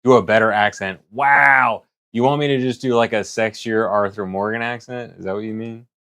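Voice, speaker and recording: A man's voice: lowish voice, fairly even intonation, fast talker, a bit bright. A man streaming live who rambles casually and thinks aloud as he talks. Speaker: livestreamer.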